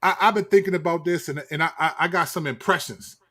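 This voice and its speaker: A man hosting a podcast, talking in loose, slangy banter with quick restarts. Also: fairly high pitch, bright, forceful tone. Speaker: podcast host. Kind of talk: casual chat.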